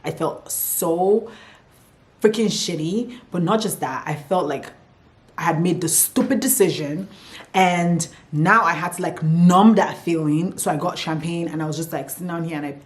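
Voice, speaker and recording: A woman's voice: on the low side, normal speed. A young woman telling a candid, emotional personal story in a casual vlog, swearing now and then. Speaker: vlogger.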